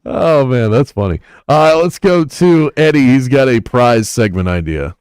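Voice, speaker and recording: A man's voice: mid-range voice, expressive, a little slow, darkish tone, clear, resonant tone, dry recording. A man hosting a sports radio show, chatting casually and joking with his co-host. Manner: jokey, laughs easily.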